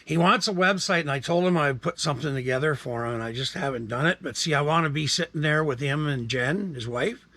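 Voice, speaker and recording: A man's voice: on the high side, a little fast, hardly any pauses, pushed and bright, no echo. A man, rambling casually to camera in a laid-back vlog chat. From Canada. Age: 60s. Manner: rambling, laid-back, frequent fillers and asides. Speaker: vlogger.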